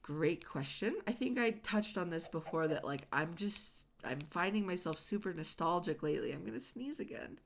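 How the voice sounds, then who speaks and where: A woman's voice: fairly low pitch, expressive, normal speed, gravelly, few pauses, a little hiss or hum. A woman hosting a casual let's-play, chatting and rambling with lots of "like" fillers as she plays. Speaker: gaming channel host.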